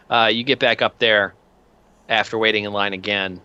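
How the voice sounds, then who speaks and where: A man's voice: lowish voice, steady tone, normal speed, sharp tone, clean tone, dry recording, dull audio. A man narrating a tabletop game as game master, in a casual way with plenty of um and uh. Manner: casual narration with many fillers.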